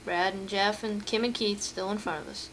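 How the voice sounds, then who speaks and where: A woman's voice: mid-range voice, fairly even intonation, moderate pace, a bit bright, slight background noise. A woman narrating family vacation photos in a chatty storytelling way, with fillers and restarts. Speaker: home video narrator.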